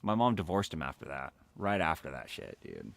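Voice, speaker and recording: A man's voice: a bass voice, big pitch swings, moderate pace, gravelly, no echo. A man telling a story on a live stream in a rambling, profane, casual way, full of filler words. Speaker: livestreamer.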